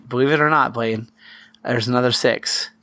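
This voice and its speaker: A man playing a tabletop role-playing game, chatty and quick to laugh. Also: mid-range voice, steady tone, noisy background. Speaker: player. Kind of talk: casual tabletop play.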